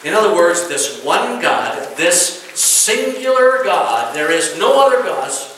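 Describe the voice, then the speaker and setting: A man's voice: high voice, big pitch swings, slow pace, fairly bright tone, a little hiss or hum. A male pastor preaching a sermon to his congregation in a folksy way, often checking in with them. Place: church sanctuary. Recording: very echoey church room from far off.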